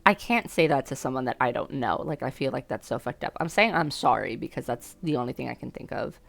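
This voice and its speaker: Gravelly-voiced woman doing let's-play commentary. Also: low voice, very animated, quick pace. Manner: reactive and joking, swears and laughs often. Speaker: gamer playing a dating sim. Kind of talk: let's-play commentary and reading game text aloud.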